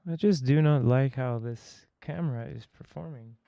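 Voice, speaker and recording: A man's voice: mid-range voice, moderate pace, vocal fry, no room sound, lo-fi sound. A man hosting a casual livestream, chatting and joking with viewers between clips. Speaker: host reacting to a voice lesson.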